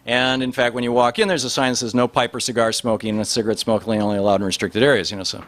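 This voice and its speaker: A man's voice: medium pitch, fairly even intonation, fast, fairly bright tone. A man telling a long anecdote in a rambling way, full of restarts and fillers. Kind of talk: storytelling talk.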